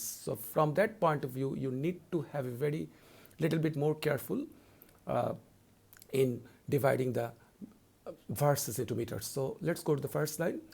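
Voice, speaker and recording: Male lecturer, gravelly tone, patient repetitive teacher delivery. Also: fairly high pitch, a little mellow. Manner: deliberate, repetitive explaining, slows down to read verse lines. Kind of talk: recorded lecture.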